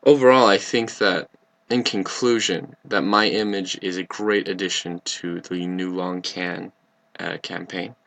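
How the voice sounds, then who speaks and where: A man's voice: low voice, steady tone, a little slow, creaky, fairly bright tone. A young man, a communications student, giving an earnest, explanatory class presentation. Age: young adult.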